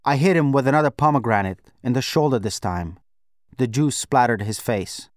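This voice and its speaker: A man narrating a novel in the first person, in a measured, reflective way. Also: medium pitch, lively intonation, dry recording, clean studio sound. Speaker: audiobook narrator. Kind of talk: scripted narration.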